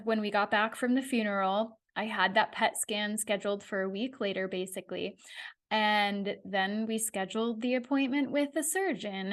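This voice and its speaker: A woman hosting a podcast, telling her own story in a candid, conversational way. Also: medium pitch. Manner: candid, conversational, animated retelling. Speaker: podcast host. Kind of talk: personal storytelling monologue.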